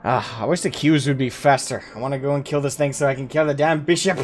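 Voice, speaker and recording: Casting: casual male game streamer, mid-pitched, faint game music under him. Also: fairly even intonation, fast talker. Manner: chatty, swears freely, mock-reads game dialogue. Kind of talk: casual live gameplay commentary.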